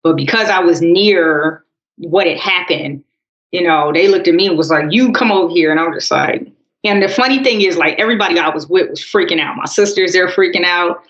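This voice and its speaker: A woman's voice: fairly low pitch, a little fast, highs cut off. Woman podcast host, roomy sound. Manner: calm, storytelling, addresses listeners as y'all. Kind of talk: casual political chat.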